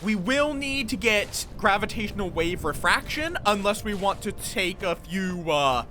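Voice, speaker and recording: A man's voice: high-pitched, animated, measured pace, sharp tone, faint music behind. A man casually commenting on his live game stream, chatty and thinking aloud, greeting viewers as he builds.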